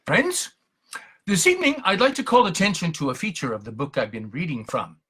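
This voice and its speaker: A man's voice: on the high side, wildly swooping pitch, a little fast, a bit bright, breathy edge. A man reciting his own poems in a theatrical, emphatic way, between short spoken introductions. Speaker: poet reading his own verse. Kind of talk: dramatic poetry recitation and talk.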